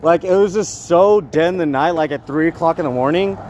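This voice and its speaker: A man rambling in a street vlog, laughing and breaking into shouted bursts. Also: a little high, fairly quick. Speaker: vlogger. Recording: faint street noise outdoors.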